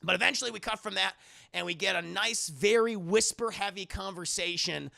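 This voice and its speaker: Bright gravelly man, sarcastic movie recap. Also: high voice. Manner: sarcastic, jokey, swears freely, acts out characters in quick asides. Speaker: movie reviewer streaming to a live chat. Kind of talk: casual profane film recap.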